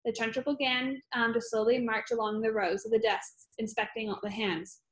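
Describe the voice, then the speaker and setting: A woman's voice: a little high, fairly even intonation, moderate pace. A woman narrating a children's novel aloud, reading steadily with occasional slips and fillers. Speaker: audiobook reader. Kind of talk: storybook narration.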